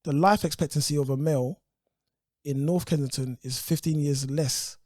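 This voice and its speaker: A man with a London accent, a podcast guest telling lively stories in casual slang. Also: a little high, moderate pace, no echo, clean studio sound. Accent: London English. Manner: animated, acts out quoted voices, uses London slang. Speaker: podcast guest, youth business founder.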